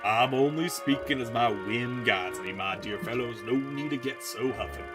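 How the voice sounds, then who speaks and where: A man's voice: mid-range voice, moderate pace, music in the background, close to an everyday voice. A man voicing a sleepy, eccentric swordsman who talks in drowsy, theatrical, old-fashioned riddles. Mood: drowsy, grandiose. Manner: drowsy, theatrical, archaic phrasing.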